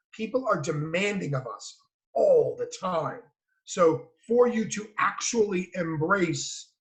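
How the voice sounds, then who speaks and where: Co-host guy, higher voice, blunt and casual, just chatting his thoughts. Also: a bit bright, low-quality recording. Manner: frank, informal. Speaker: webinar co-host. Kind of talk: casual discussion.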